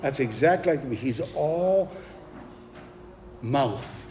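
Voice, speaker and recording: A man preaching a sermon with passion, pressing his points with forceful emphasis and asking the congregation for replies. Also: mid-range voice, expressive, slow. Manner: impassioned, rising to forceful emphasis, call-and-response. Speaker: pastor. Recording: long hall reverb, faint background noise.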